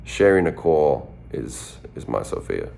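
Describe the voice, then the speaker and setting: A man's voice: sing-song, measured pace, darkish tone, a little hiss or hum. A man in his twenties from southern Minnesota, a rapper casually answering fan questions in a playful, drawling way. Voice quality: very deep, gravelly voice. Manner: laid-back, drawling and playful. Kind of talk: casual chat.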